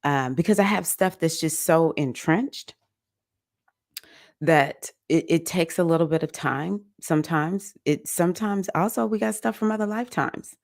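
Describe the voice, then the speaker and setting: Woman, low gravelly voice, livestream host, casual chatty, laughs a lot, fillers. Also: normal speed, dry recording, studio quality. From United States. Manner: warm laughing, effusive, rambling with fillers. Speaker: livestream host and mindfulness teacher. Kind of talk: casual chat reading viewer comments.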